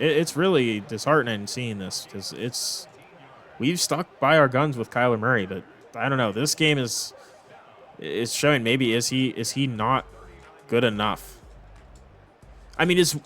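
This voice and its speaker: A man's voice: medium pitch, expressive, measured pace, fairly bright tone. A young man commentating his own football video game, exasperated and swearing as he rambles through complaints. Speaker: gaming commentator. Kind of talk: frustrated gameplay commentary.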